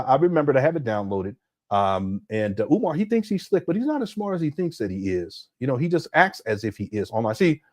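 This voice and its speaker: A man's voice: medium pitch, a little mellow. A middle-aged man hosting a casual livestream, talking emphatically to his chat and often laughing. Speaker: livestream commentary host.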